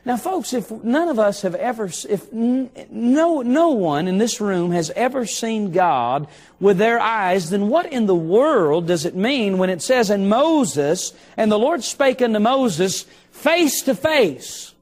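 A middle-aged male preacher delivering an evening sermon in a church, telling a story and slowing down to stress key phrases. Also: high-pitched, expressive. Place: church sanctuary.

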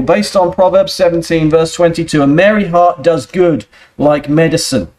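Man preaching a sermon, slightly high voice. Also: normal speed, a little mellow. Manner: earnest, rhetorical questions, building emphasis.

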